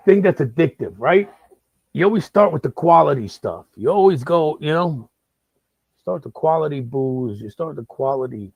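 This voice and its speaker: A man's voice: a little high, no echo. A man hosting a comedic live-stream monologue, rambling and stammering with lots of repeated words. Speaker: host. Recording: slightly dull lo-fi sound.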